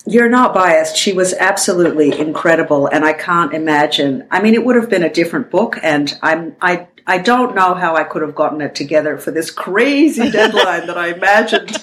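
A woman's voice: fairly low pitch, animated, moderate pace, hardly any pauses, a bit bright, slight background noise. A woman from the former Soviet Union, a guest on a podcast, chatting candidly with lots of laughter. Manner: candid, laughing, quotes people in put-on voices. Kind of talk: casual chat.

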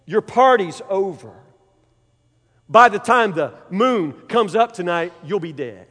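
A man's voice: high voice, expressive, slow pace, a bit bright, full character voice. A man voicing a righteous young prophet who delivers a firm, preachy warning. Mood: stern. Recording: long hall reverb.

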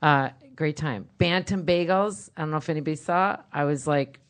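A woman co-hosting a podcast, telling funny stories in a chatty, animated way. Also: low voice, moderate pace. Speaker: podcast co-host. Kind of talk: casual storytelling chat.

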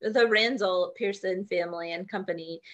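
A woman's voice: medium pitch, moderate pace. A young woman co-hosting a casual chat podcast, wry and teasing, steering the talk from one topic to the next. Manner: wry, leads the segments, dry teasing. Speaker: podcast co-host.

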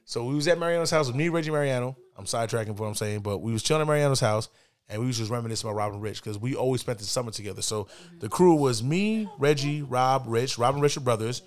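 A man's voice: medium pitch, quick pace. Laid-back man telling a story. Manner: laid-back, slangy, animated when quoting others. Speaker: podcast co-host. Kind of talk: casual storytelling. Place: indoors, podcast setting.

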